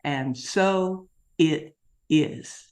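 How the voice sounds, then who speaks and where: A woman minister leading a calm, measured spoken prayer. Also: deep voice.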